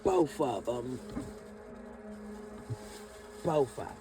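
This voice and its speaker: With a bass voice, a woman delivers an expressive, extremely slow spiritual energy reading for her channel, full of affirmations. She draws out her words, calls the listener "baby," and chuckles, with music playing against a noisy background.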